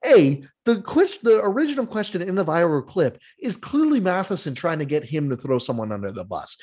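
A man hosts a casual sports podcast in a husky, slightly breathy voice. He rants with exasperation, laughs at the absurdity, and drops the odd curse. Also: on the high side, fairly quick. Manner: animated, exasperated, swears, laughs at the topic. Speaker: podcast host.

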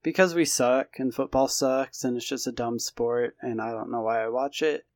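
A young man hosts a loose podcast hangout among friends. His voice sits at an ordinary middle pitch. He jokes around and laughs easily. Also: fairly even intonation, normal speed, dry recording. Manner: laughs a lot, jokey. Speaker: podcast host. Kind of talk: casual chat.

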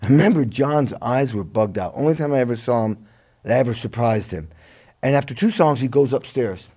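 A middle-aged musician telling his career story in a relaxed interview, lively and a bit profane, laughing along. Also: medium pitch, a little fast, breathy edge. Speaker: guest musician.

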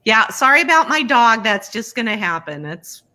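Upbeat woman hosting a chat show over video, bright voice. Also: a little high, big pitch swings, normal speed. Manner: chatty, upbeat, laughs often. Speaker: podcast host. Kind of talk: casual chat.

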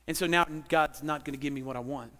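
A man preaching a sermon as pastor, animated and conversational, who often repeats words and throws questions at his congregation. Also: fairly high pitch, fast talker.

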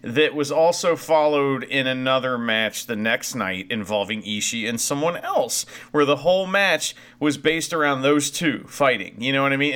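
Lively bright-voiced man chatting. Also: fairly high pitch. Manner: rambling, swears casually, lively. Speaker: podcast co-host. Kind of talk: casual wrestling chat.

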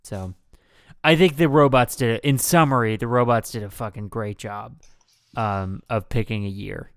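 A young man co-hosting a casual comedy podcast, swearing freely and veering between loud rants and mumbled asides. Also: medium pitch, moderate pace, clear, resonant tone, dry recording, studio quality. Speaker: podcast co-host.

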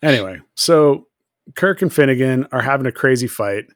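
Man, podcast co-host, casual chat, animated, swooping pitch, dry close mic. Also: no room sound. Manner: animated, laughs often, acts out characters in quick voices. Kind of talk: casual chat recapping an episode.

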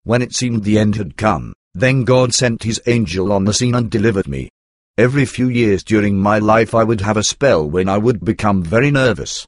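Guy reading an old religious testimony, low voice, dry close sound, steady and earnest. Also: normal speed, no room sound. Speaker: reader. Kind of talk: scripted narration of a religious testimony.

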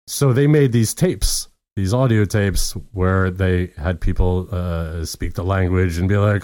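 A man's voice: fairly low pitch, fairly even intonation, measured pace, darkish tone, no echo. A man co-hosting a podcast, telling a rambling story with plenty of swearing and laughter on his own mic. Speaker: podcast co-host. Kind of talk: casual podcast chat. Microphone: own mic, recorded separately.

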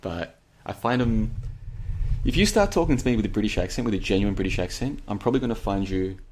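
Male solo show host, low-ish voice, loose and rambling, casual chat. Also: animated, fast talker, a little mellow. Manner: rambling, chatty, digressive; reads out listener comments. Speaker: podcast host.

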